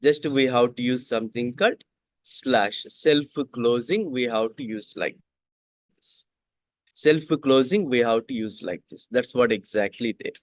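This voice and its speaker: Slow man repeating every line. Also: mid-range voice, dry recording, studio quality. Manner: repeats each sentence twice, slow and deliberate. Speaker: coding instructor. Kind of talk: classroom coding lesson.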